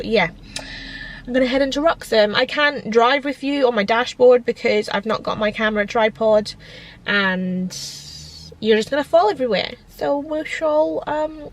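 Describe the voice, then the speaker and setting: A young woman chatting casually to a handheld camera at home, emotional and close to tears, rambling with many ums. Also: mid-range voice. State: teary and tired. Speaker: vlogger. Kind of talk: casual vlog chat. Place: at home indoors.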